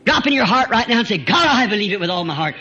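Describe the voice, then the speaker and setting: A man preaching a revival sermon, fervent, rising to shouts and chuckling between phrases, on a lo-fi old tape recording. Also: high-pitched, big pitch swings, fast.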